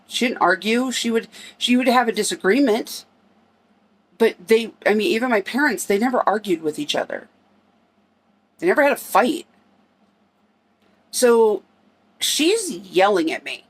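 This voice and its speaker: A middle-aged woman casually telling a personal story, talking in a conversational way and acting out the quoted dialogue as she goes. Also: medium pitch.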